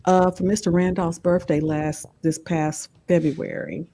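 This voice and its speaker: Husky woman with a mellow voice. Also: fairly low pitch, flat delivery, unhurried. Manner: warm, emotional storytelling. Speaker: guest. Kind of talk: casual storytelling.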